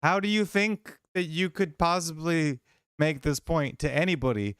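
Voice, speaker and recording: Man host, fairly high and smooth, exasperated rant. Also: normal speed, fairly bright tone, no echo, clean studio sound. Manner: exasperated, ranting. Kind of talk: casual commentary.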